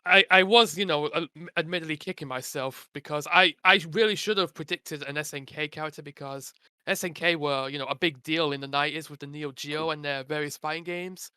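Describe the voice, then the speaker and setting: A man co-hosting a casual gaming podcast, enthusiastic and speaking in quick bursts. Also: a little high, pushed and bright, clear, resonant tone. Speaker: podcast co-host.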